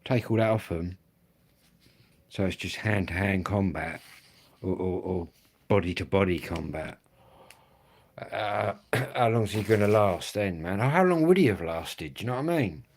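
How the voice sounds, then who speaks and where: Man, Kent accent, middle-aged, casual livestream chat, rambling, swears a lot, lowish voice. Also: lively intonation, a little slow, long pauses. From England. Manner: swearing, rambling, blokey slang. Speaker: livestream host.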